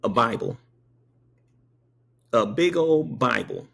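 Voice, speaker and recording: A man's voice: mid-range voice, big pitch swings, takes it slowly, gravelly, fairly bright tone. A man who works as a paramedic telling a personal anecdote, emphatic and punctuating his points with rhetorical checks on the listener. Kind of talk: spoken anecdote.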